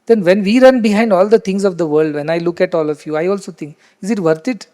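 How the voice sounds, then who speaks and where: A man giving a spiritual discourse, animated and rhetorical, acting out quoted voices as he teaches. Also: sits high, fast.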